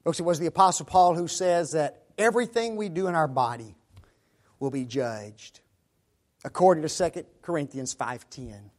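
A man's voice: fairly high pitch, normal speed, a little mellow. A man preaching a sermon, often calling his listeners folks and tagging his points with rhetorical questions.

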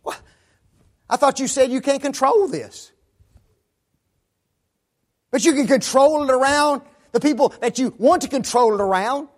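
A man's voice: very high-pitched, unhurried, long pauses. A man preaching a sermon, often calling his listeners folks and tagging his points with rhetorical questions.

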